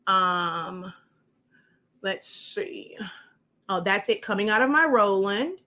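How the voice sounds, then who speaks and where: A woman's voice: mid-range voice, expressive, slow, bright, forceful tone. A woman hosting a casual crafting walkthrough, chatty and rambling as she shows her printed projects. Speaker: crafting show host.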